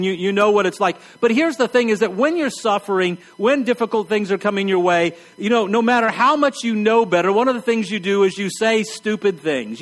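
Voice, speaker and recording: High-voiced man preaching a wry, blunt sermon. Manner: conversational, wry and blunt, drops to a hush for emphasis.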